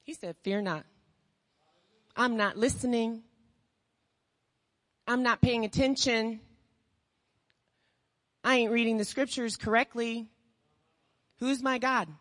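Impassioned high-voiced woman preaching. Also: steady tone, takes it slowly, long pauses, long reverb tail. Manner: impassioned, rhetorical questions, swings from hushed to shouting. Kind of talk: sermon.

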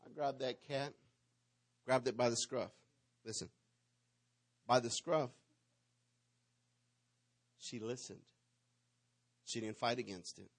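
A man preaches in a middle-pitched voice, spinning a personal story for his congregation. He swings from loud, excited bursts down to soft asides. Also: measured pace, pauses often. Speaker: pastor.

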